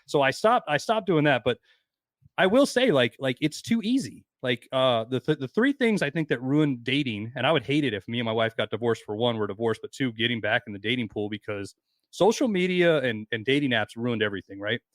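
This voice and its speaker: A man's voice: mid-range voice, lively intonation, brisk, dry recording. A man in his forties telling rambling, profane stories on a podcast as a guest, acting out other people's lines. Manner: profane, rambling anecdotes with quoted voices. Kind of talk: casual podcast storytelling.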